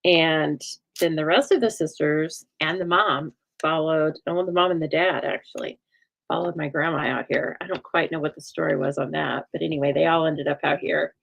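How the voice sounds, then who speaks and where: Woman, craft stream host, folksy chatter, somewhat low voice, gravelly fry. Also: steady tone, moderate pace, a bit bright, rough recording. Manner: chatty, folksy, reads out viewer comments. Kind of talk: live-stream card-making demo.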